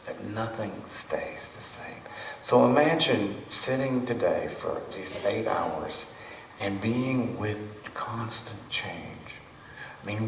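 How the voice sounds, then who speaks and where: Deep-voiced man teaching in an echoey hall. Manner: unhurried, drawing out key words, light and playful. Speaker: meditation teacher. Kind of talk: dharma talk to a retreat group. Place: meditation hall. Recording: echoey hall, voice from far off, faint hum.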